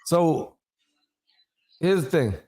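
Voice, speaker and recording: A man hosting a casual sports podcast, animated and ranting, cutting in to finish his point. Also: fairly high pitch, very slow, slightly rough. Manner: animated, ranting, talks over others. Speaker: podcast host.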